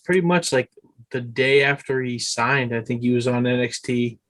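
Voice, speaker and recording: A man's voice: medium pitch, moderate pace, a bit bright. A man co-hosting a podcast, telling stories in a rambling, casual way with many restarts. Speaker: podcast co-host. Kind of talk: casual chat.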